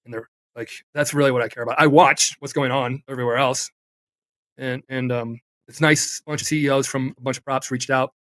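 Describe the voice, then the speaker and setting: A man's voice: mid-range voice, steady tone, brisk, a bit bright, no echo. A man speaking as a company executive on a live talk stream, rambling with restarts and asides. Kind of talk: casual talk-show chat.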